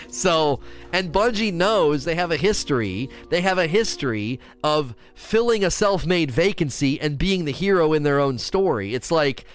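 On a casual gaming livestream, a man rants and chats in an animated way, reading viewer questions from chat aloud and answering them. His voice is on the high side at a normal speed with a clean tone, and faint music plays behind him.

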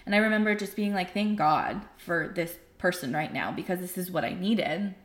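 A woman recounts a painful personal story in a frank, conversational way. She is emotional and animated, and she briefly acts out the voices of other people. Her voice carries a roomy echo. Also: on the low side, moderate pace. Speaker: podcast guest telling her story.

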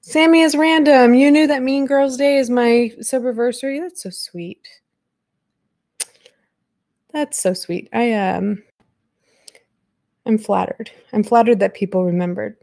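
A woman's voice: fairly high pitch, normal speed, gravelly, darkish tone, dry recording, studio quality. A woman in her thirties hosting a casual live podcast from home at her computer, chatting and rambling with frequent laughs. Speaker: podcast host. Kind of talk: casual live-stream chat.

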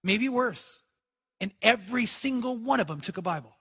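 A man's voice: high voice, expressive, normal speed, sharp tone, breathy edge. An older man preaching a sermon to a congregation in a church, fervent and emphatic, repeating key phrases. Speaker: pastor. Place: church sanctuary before a congregation.

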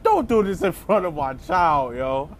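A man's voice: on the high side, very animated, unhurried, a little hiss or hum. A man voicing an exasperated young father who rants indignantly about his day out being spoiled. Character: exasperated young dad at a theme park.

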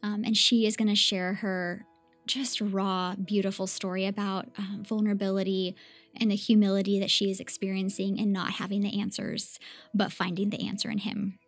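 A woman in her thirties hosting a devotional podcast, speaking earnestly and gently as she invites listeners to reflect. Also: mid-range voice, level tone, normal speed, faint music behind. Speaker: podcast host.

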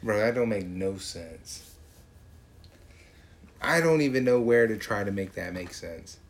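A man from Georgia, talking in a profane, mocking, animated casual rant. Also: on the low side, unhurried.

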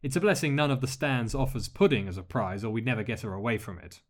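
A man voicing a masked male lord who speaks in a measured, polite way with dry humor. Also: mid-range voice, close to an everyday voice. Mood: wry. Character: masked male dark lord, calm, courteous, wry.

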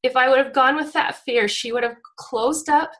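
A woman's voice: high-pitched, normal speed, fairly bright tone. A woman, around her forties, giving a heartfelt devotional talk to her congregation, close to tears and often restarting her sentences. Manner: heartfelt and emotional, with frequent restarts. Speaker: church speaker.

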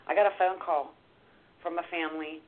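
A woman guest author, telling an emotional story in a talk show scene by scene with animated delivery. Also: sits low, normal speed, slight background noise. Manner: animated, retells scenes step by step. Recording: tinny phone line.

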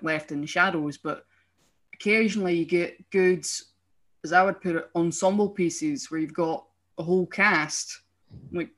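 A young adult with a Scottish accent talks in a loose, animated podcast chat. The speech is mid-pitched and rambles with frequent restarts. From Scotland. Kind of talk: casual chat.

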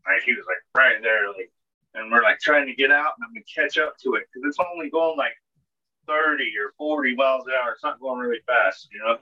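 A man's voice: mid-range voice, fairly quick, sharp tone. A man, co-hosting a podcast and telling a story in a casual, rambling way, full of filler words and swearing. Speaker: podcast co-host. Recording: dull lo-fi podcast audio.

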